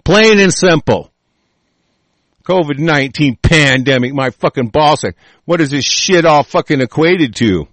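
A man's voice: fairly high pitch, expressive, measured pace, a bit bright, dry recording. A man delivering a furious, profane solo rant in which he reacts to news items he reads aloud. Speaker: political commentator.

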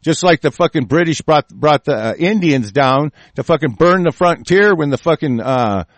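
A man's voice: on the high side, expressive, normal speed, dry recording. A man hosting a political broadcast, delivering an angry, profane rant full of restarts and repetition. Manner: profane, heated, repeating himself. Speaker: host of an online political broadcast.

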